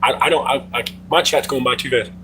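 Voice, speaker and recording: A man's voice: medium pitch, fast talker, sharp tone, slight background noise, rough recording. A middle-aged man hosting a casual livestream from home, telling loose, profane stories to his chat. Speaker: livestream host.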